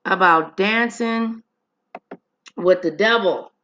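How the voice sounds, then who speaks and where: A woman's voice: medium pitch, takes it slowly, a bit bright, lo-fi sound, slight background noise. A woman hosting a casual livestream, chatting straight to her viewers. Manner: chatty, addresses viewers directly. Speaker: livestream host. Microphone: streaming setup.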